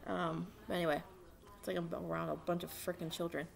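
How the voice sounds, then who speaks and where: A young woman vlogging at home, rambling excitedly with lots of fillers as she talks about racing. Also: lowish voice, a little fast, vocal fry. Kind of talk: casual chat to camera. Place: at home with a dog.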